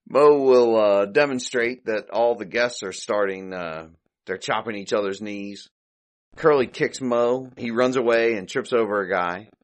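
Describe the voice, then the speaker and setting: A podcast host with a fairly low voice, speaking at a measured pace, casually recaps an old comedy short. He chuckles and thinks out loud along the way.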